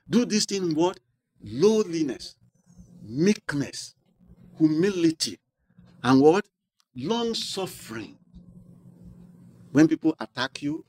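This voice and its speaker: A man preaching a sermon, asking the congregation rhetorical questions and drawing out key words slowly. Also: a little high, slightly rough. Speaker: pastor.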